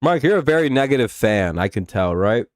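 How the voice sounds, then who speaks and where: On his baseball watch-along livestream, a young host chats casually and then rants at negative people in chat, exasperated and full of profanity. His medium-pitched voice is very animated and fairly quick, captured in clean studio sound without echo.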